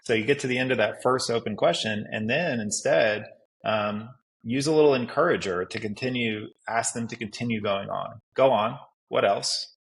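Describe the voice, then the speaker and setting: A man with a fairly low voice and a gravelly, fry-edged tone, speaking as a police detective guest. He explains his advice methodically, laying it out in numbered steps in an easygoing podcast chat. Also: normal speed, low-quality recording. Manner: instructive, lays out numbered advice. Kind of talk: podcast conversation.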